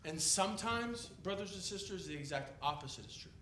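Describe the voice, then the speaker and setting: A man preaching an expository sermon in a conversational, animated way, acting out the people in the story. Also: high voice, a little fast, slight background noise. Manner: animated, conversational, acts out biblical characters. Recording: echoey room, mic at a distance.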